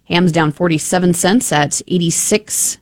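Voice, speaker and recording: A woman anchoring a radio farm market report, briskly reading livestock prices and figures. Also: lowish voice. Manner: brisk, reads numbers in rapid lists.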